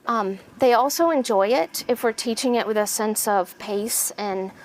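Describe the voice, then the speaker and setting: Casting: American woman, literacy lecturer addressing teachers, schoolroom clarity, a touch higher voice, light room hiss. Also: low-quality recording. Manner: teacherly, clear, checks in with "right?"; slows and stretches words when modeling sounds. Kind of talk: seminar lecture with a spelling demonstration.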